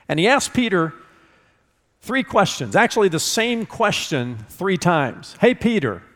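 A man's voice: on the high side, long reverb tail. A man preaching a sermon as a pastor, conversational and earnest, acting out dialogue from scripture.

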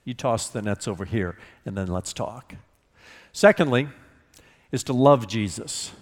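A man's voice: on the low side, unhurried, long reverb tail. A man preaching a sermon as a pastor, conversational and earnest, acting out dialogue from scripture.

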